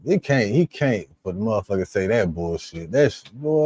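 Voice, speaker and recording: A man's voice: fairly low pitch, big pitch swings, moderate pace, hardly any pauses, dark tone. A man hosting a live reaction stream, ranting with a profane, indignant, exasperated manner. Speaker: livestream reaction host.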